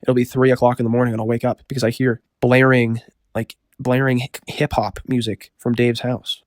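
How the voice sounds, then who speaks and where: Guy rambling thru a story, deadpan, lots of likes, dry mic. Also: medium pitch, brisk, dry recording. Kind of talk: casual storytelling.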